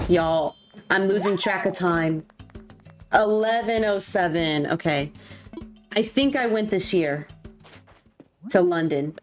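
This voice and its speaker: A woman's voice: on the low side, slow, pauses often. Girl in her 20s chatting on stream while she plays, gushy and jokey, bit of game music underneath. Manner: chatty, gushing, self-mocking. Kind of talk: casual chat while gaming.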